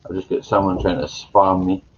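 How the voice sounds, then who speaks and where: A man hosting a casual live chat, greeting viewers by name in a slow, meandering way and chuckling to himself. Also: low-pitched, completely flat delivery, dull audio, a little hiss or hum. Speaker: live stream host. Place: home room with green screen.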